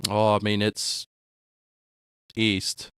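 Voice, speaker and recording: A man chatting casually on a stream, low-key and often trailing off into quiet asides. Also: completely flat delivery, extremely slow, clear, resonant tone, dry recording, clean studio sound. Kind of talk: casual chat.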